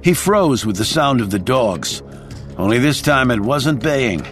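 A man narrates an action thriller in a dramatic storytelling voice, his pitch rising and falling widely. His voice sits at a middle pitch over soft music playing underneath. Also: expressive, unhurried. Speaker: audiobook narrator.

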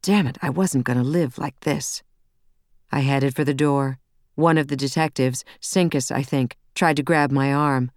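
A woman reading a first-person novel aloud in a brisk, wry, intense storytelling manner, close on a studio mic. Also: rumbling low, darkish tone, no room sound. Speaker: audiobook narrator.

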